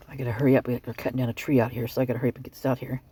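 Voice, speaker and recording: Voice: mid-range voice, level tone, very fast, dark tone, husky. A vlogger giving heated, sarcastic commentary on news stories, ranting and calling people out. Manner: ranting, fired up, sarcastic asides. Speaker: true-crime commentary channel host. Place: at home, with outdoor work nearby.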